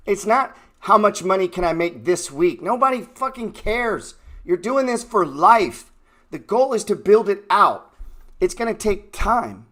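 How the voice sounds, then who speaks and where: Man, trading stream host, profane, heated, ranting, desk mic, slightly high voice. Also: bright, forceful tone. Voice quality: blunt, swearing, heated.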